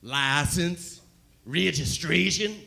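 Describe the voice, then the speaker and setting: A man playing a big, bullying Southern police officer with a thick hillbilly accent, loud and slow-drawling. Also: a little high, lively intonation, creaky, pitched above the performer's own voice, exaggerated voice. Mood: gruff.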